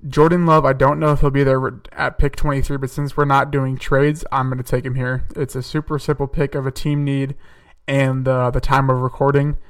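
Here a young man hosts a solo podcast segment, running through mock-draft football picks in a relaxed way. He thinks out loud with fillers and self-corrections, keeping an even tone. The medium-pitched voice is clean and smooth but sounds somewhat distant from the microphone.

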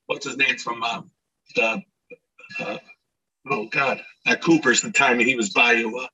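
A middle-aged man from Scranton telling animated anecdotes in a casual podcast chat, acting out shouted quotes. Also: mid-range voice, unhurried, creaky, slightly rough, far from the mic, rough recording. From Scranton, Pennsylvania. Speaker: podcast guest, actor and DJ. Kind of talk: casual storytelling.

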